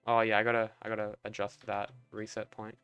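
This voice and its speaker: A young game streamer with a lowish, clear, resonant voice talks fairly quickly, thinking aloud as he builds, relaxed and mumbly, trailing off and swearing casually. There's no echo, the highs are cut off, and soft music plays behind him.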